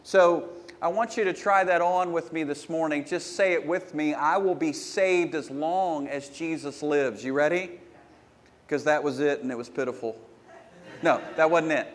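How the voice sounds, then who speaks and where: A man's voice: fairly high pitch, normal speed, slight background noise. A pastor preaching a sermon, building his points with punchy rhetorical questions and bursts of emphasis.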